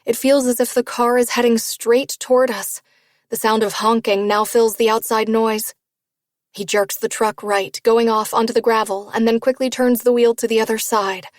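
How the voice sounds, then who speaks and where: A woman's voice: on the high side, little pitch movement, moderate pace, no room sound, studio quality. Woman narrating a romance novel. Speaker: audiobook narrator. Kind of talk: first-person novel narration.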